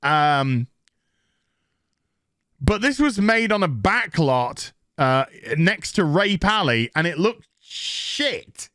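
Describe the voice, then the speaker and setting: A man's voice: a little high, big pitch swings, bright, forceful tone, no echo, clean studio sound. A man recapping a TV episode in a casual, sarcastic, profane rant, mocking the scenes. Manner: mocks scenes in quick put-on voices. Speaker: TV show reviewer.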